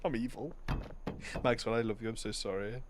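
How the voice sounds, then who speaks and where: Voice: mid-range voice, brisk, noisy background. A streamer commentating live while playing a game, laughing often, swearing and repeating "wait".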